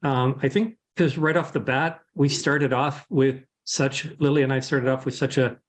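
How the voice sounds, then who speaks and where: A man with a mid-range voice talks conversationally as a panelist on a video call. He searches for words and fills his pauses. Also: mid-range voice, steady tone. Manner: conversational, searching, many fillers. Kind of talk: reflective panel talk.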